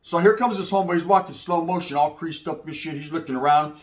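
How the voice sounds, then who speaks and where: A man telling prison stories in a casual, animated, slang-heavy way. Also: a little high. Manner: slangy, animated, rapid-fire. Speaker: storyteller recounting prison life. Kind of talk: casual storytelling.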